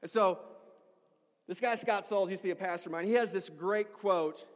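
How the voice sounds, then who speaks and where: In a reverberant church hall, a middle-aged male pastor preaches at normal speed in a voice a little high for a man. His storytelling is animated, and he briefly acts out the characters.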